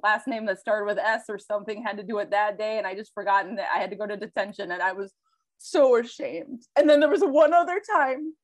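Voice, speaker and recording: A woman's voice: mid-range voice, brisk, no echo. A woman co-hosting a casual chat, telling candid, self-deprecating stories about parenting with plenty of swearing. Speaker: podcast co-host, parent.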